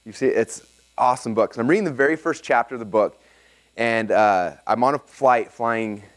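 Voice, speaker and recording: Speaking fairly quickly at medium pitch, a seminar presenter teaches a live audience and takes questions. His style is lively and eager, with regular "okay?" check-ins.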